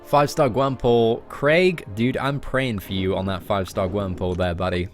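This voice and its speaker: A man's voice: lowish voice, steady tone, moderate pace, soft background music. A young man chatting casually on a live game stream, joking and answering his viewers. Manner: chatty, joking, reads out chat messages.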